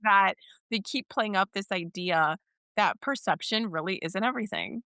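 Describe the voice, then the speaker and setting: Bright-voiced woman chatting on a podcast. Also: medium pitch, moderate pace, smooth, no room sound, studio quality. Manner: animated, acts out quotes in other voices. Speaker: podcast co-host. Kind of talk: casual chat recapping a soap opera.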